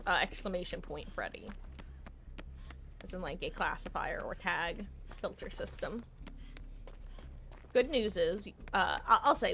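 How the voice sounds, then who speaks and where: A woman's voice: medium pitch, vocal fry, sharp tone, slight background noise. A young adult woman streaming a game, thinking aloud in casual commentary with self-mocking asides.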